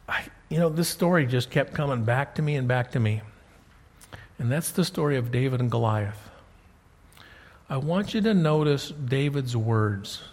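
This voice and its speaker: Husky-voiced male preacher telling a Bible story. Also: mid-range voice, big-room sound. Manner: conversational storytelling, rises to loud emphatic peaks when reading scripture. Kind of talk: sermon.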